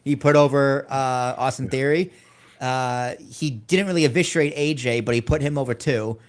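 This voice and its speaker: A man's voice: medium pitch, normal speed. A man co-hosting a wrestling podcast, giving wry, opinionated takes in casual chat. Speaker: podcast co-host.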